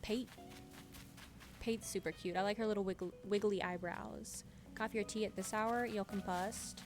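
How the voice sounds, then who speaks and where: A woman's voice: mid-range voice, steady tone, normal speed. A young woman chatting casually on a gaming stream, giggly and reading chat aloud. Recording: game music clearly heard behind. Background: game music.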